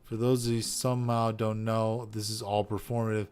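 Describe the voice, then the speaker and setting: A man's voice: on the low side, little pitch movement, moderate pace, darkish tone, clear, resonant tone. A man hosting a casual podcast, reading out online posts and ranting about them with heavy profanity and exasperation. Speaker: podcast host.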